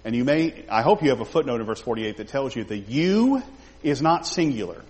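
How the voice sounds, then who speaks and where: Guy leading a bible study, super lively voice that jumps around, echoey hall sound. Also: medium pitch, fairly quick. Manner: animated, acts out quoted lines in character. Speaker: Bible teacher.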